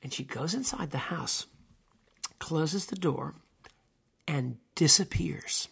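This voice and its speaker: A man's voice: fairly high pitch, takes it slowly, gravelly, a bit bright, husky. A man in his seventies hosting a solo podcast, retelling a television episode in an earnest, emphatic way with many hesitations. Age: 70s. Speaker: podcast host.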